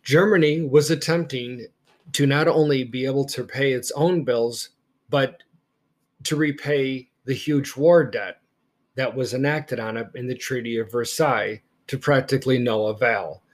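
A man teaching history in a podcast lecture, speaking emphatically and deliberately and stressing key words. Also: medium pitch.

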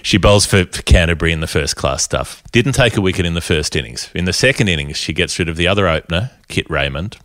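A man hosting a podcast, telling a story in a casual, animated way and often laughing through it. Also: low-pitched, quick pace, hardly any pauses, no echo, studio quality. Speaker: podcast host.

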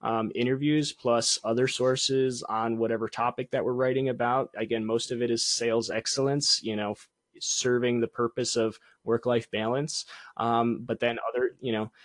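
A man's voice: mid-range voice, flat delivery, moderate pace, no echo, clean studio sound. A young adult man, a sales coach and entrepreneur, talking casually as a podcast guest, chatty and self-deprecating, laughing often and restarting sentences. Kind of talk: casual interview conversation.

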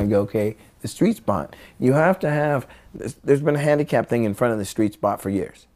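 A man's voice: mid-range voice, expressive, brisk, darkish tone. A man telling skateboarding stories in casual chat, acting out his friends' lines and swearing freely. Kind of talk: casual storytelling.

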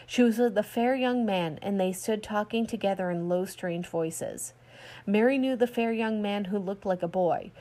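A woman narrating a classic story aloud in a steady storytelling read, voicing quoted lines lightly. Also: mid-range voice, moderate pace. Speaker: audiobook reader. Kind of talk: scripted narration.

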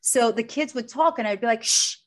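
A woman's voice: a little high, fairly quick, darkish tone. A middle-aged woman, a coach, talking earnestly and from the heart about her work and family in an interview. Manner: earnest, heartfelt, speaks with conviction. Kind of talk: emotional interview conversation.

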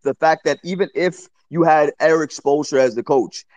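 A man co-hosting a sports podcast, arguing loudly and swearing a lot as he gets worked up. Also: on the high side, normal speed, dry recording, highs cut off. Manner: loud, profane, worked up. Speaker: podcast co-host. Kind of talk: heated sports debate.

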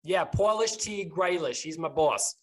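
A man narrating as game master in a tabletop game podcast, relaxed and hesitant, laughing often. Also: a little high, a little slow.

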